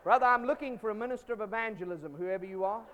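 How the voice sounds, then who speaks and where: A man preaching a sermon as pastor, emphatic, swinging from loud bursts to quiet storytelling. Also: sits high, fast, a little hiss or hum. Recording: long hall reverb.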